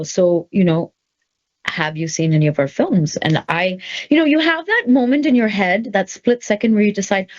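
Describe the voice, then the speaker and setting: A middle-aged woman telling a personal story in a casual, animated way, jumping up high when she voices her own thoughts. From Canada. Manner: animated storyteller, quick swings into high excited voice for quoted thoughts. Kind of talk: casual anecdote. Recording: slightly dull, lo-fi sound.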